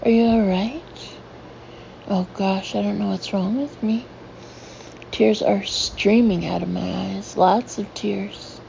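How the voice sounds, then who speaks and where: Slow, gravelly-voiced woman reading a novel. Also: mid-range voice, steady tone, darkish tone, muffled recording, slight background noise. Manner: emotive, voicing the heroine's feelings. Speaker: audiobook narrator. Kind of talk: first-person audiobook narration.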